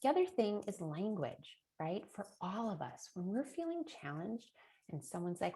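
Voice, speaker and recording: A woman's voice: mid-range voice, big pitch swings, normal speed, dark tone. A middle-aged woman presenting a parenting webinar in a chatty way, often adding a rhetorical "right?" and little laughs. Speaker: early childhood presenter.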